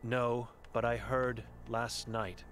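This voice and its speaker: A man's voice: medium pitch, little pitch movement, a bit bright, slight background noise. A man reading for a cryptic old blind woman. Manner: terse broken phrases, read slowly from chalk.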